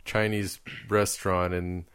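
Rambling low-voiced man joking around. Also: little pitch movement, measured pace, a bit bright, a little hiss or hum. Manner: rambling, joking, lots of fillers. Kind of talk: casual chat.

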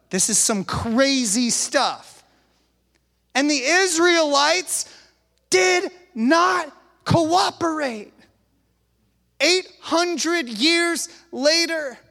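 A man preaching a sermon to a live audience, with casual slang asides and lively, animated delivery. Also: extremely high pitch, creaky, long reverb tail.

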